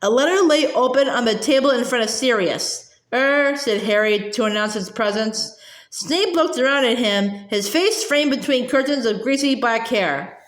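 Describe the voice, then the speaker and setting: A woman's voice: fairly high pitch, animated, moderate pace. Woman reading a novel aloud, slightly hesitant. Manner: reads with frequent hesitations and restarts. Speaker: reader. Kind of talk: casual audiobook reading. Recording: roomy echo.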